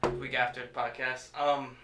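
A man's voice: mid-range voice, little pitch movement, moderate pace, background noise. A man hosting a podcast in casual chat, rambling and cursing, stumbling over names. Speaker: podcast host. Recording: echoey room.

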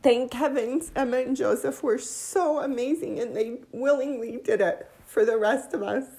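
A woman giving an emotional religious testimony, near tears, heartfelt and halting. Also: on the high side, warm tone.

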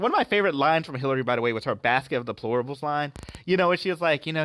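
A man's voice: on the high side, animated, fast talker, a bit bright, no room sound. A man hosting a podcast, giving religious and political commentary with emphatic rhetorical questions.

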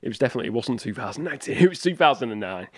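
A man's voice: mid-range voice, big pitch swings, racing, no echo, clean studio sound. A man hosting a solo movie podcast, chatting casually and rambling with restarts and small chuckles. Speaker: podcast host.

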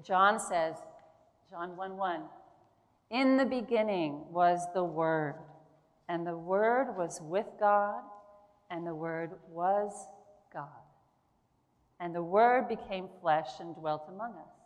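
A woman preaching a sermon in a church, earnest and emphatic, with slow pauses between phrases. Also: lowish voice. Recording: long hall reverb.

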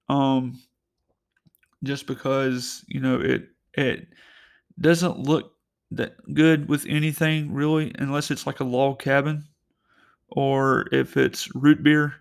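Young man, gravelly voice, podcast host, rambling casual storytelling, lots of fillers, in a parked car. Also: medium pitch, a bit bright. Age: young adult. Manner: rambling, filler-heavy, restarts often.

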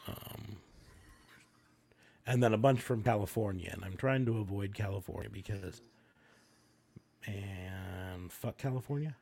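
A man co-hosting a casual chat, rambling with many pauses and fillers. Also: on the low side, steady tone, vocal fry, a little mellow. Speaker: podcast co-host.

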